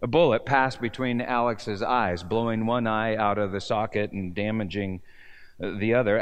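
A man preaching a sermon, telling a story with rhetorical questions and swinging from near-shouts down to hushed, low words. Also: clear, resonant tone. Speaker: pastor.

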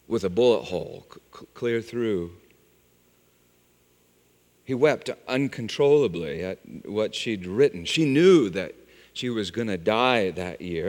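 A middle-aged man preaching a sermon, telling a story and weaving in scripture references. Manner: storytelling with scripture references, pitch rising and falling widely. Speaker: pastor. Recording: long hall reverb.

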